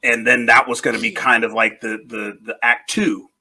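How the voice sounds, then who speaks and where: A man co-hosting a podcast, wry in casual chat and explaining things with many pauses. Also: medium pitch, steady tone, sharp tone, slightly rough. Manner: wry, explains with frequent "uh" fillers. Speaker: podcast co-host.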